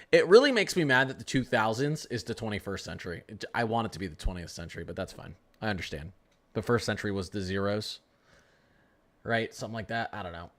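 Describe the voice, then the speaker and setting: Running a severe-weather livestream, this young guy keeps things casual, ribbing his audience, addressing the chat and breaking into frequent laughter. His pitch is on the low side with a fairly bright tone.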